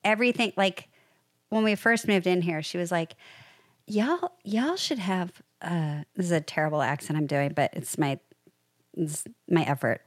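A woman in casual chat, telling stories in an animated, rambling way. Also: sits low, normal speed, dry recording, studio quality.

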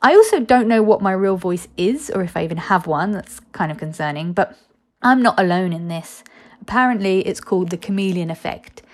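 A woman's voice: medium pitch, lively intonation, a little fast. Candid woman reading her essay. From East London, England. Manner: candid, wry, conversational. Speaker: columnist reading her own piece. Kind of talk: spoken personal essay.

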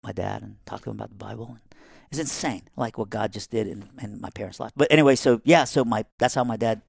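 Gravelly low-voiced man telling a story. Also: quick pace, no echo, studio quality. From Iran. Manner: animated, acting out quoted family members. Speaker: guest storyteller. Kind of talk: casual podcast storytelling.

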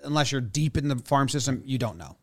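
A man's voice: medium pitch, expressive, a little fast, darkish tone. A man co-hosting a casual sports podcast, talking in a skeptical, conversational way.

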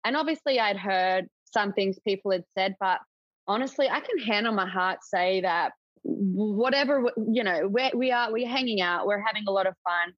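Brief: young woman guest, candid chatty tone, middle pitch, dry and slightly muffled recording. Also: moderate pace, no room sound. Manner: chatty, open, full of filler likes. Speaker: podcast guest. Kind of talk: casual chat. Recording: dull, dry lo-fi audio.

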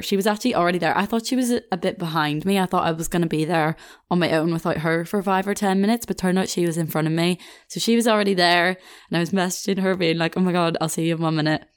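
A woman's voice: lowish voice, clean tone. A young woman hosting a podcast, telling a personal story in a chatty, self-mocking way and laughing now and then. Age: young adult. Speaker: podcast host. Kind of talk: casual storytime monologue.

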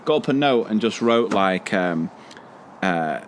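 A man's voice: fairly low pitch, animated, unhurried, slight background noise. A man co-hosting a podcast, telling a school story in casual chat, rambling with many fillers and frequent laughs. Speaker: podcast co-host.

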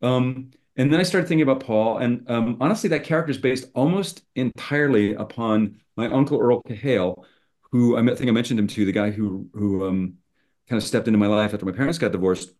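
A man's voice: mid-range voice, brisk, darkish tone. A middle-aged man, a screenwriter, telling a story in conversation and acting out both sides of old phone calls. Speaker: screenwriter guest.

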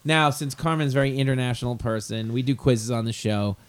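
Male podcast host, playful quiz master, mid pitch. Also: a little fast, clear, resonant tone. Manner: joking, teasing. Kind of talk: casual chat.

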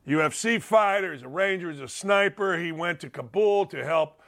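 A man's voice: high voice, normal speed, fairly bright tone. A man hosting a talk show, ranting in a blunt, fired-up way and repeating himself for emphasis. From Indiana. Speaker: radio show host. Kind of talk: opinionated talk show monologue.

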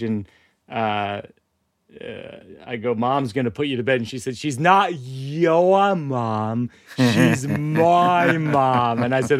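A man's voice: mid-range voice, creaky, no room sound, studio quality. A man hosting a podcast interview, talking casually with frequent laughs and stammered restarts. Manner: self-deprecating, laughing often, stammering restarts. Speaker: podcast host.

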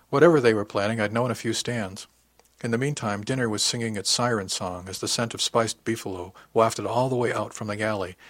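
A man narrating a first-person audiobook in an even, wry storytelling manner. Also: fairly low pitch, no echo.

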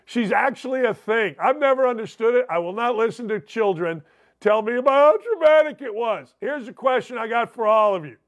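A man's voice: very high-pitched, lively intonation, brisk. An older man hosting a sports radio show, ranting in a sarcastic, mocking monologue and reading out listener messages. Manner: reads listener messages aloud. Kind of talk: opinionated talk radio monologue.

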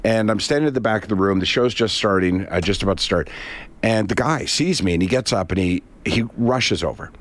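A man's voice: lowish voice, lively intonation, a little fast. A man co-hosting a radio show, telling a story in a conversational way and speaking straight to the listeners. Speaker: radio co-host. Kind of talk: casual on-air chat.

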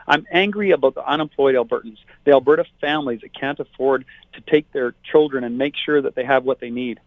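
A man who is a political candidate, speaking forcefully and indignantly as a guest on a talk show. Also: mid-range voice, fast talker, dry recording. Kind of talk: talk radio interview by phone. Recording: tinny phone line.

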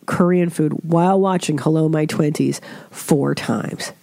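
A woman's voice: deep voice, a little slow, creaky, dark tone, dry recording. Congested, chatty, swearing woman host. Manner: chatty, swears freely, puts on voices when quoting others. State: congested from a cold. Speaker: podcast host. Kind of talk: casual chat.

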